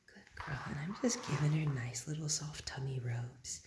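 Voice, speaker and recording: A woman dog trainer demonstrating at home, praising softly and calmly, often dropping to a hush. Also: low-pitched, moderate pace, few pauses. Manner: soft, calm praise, often hushed to a whisper. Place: indoor home room with a dog crate. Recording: roomy echo with loud background noise.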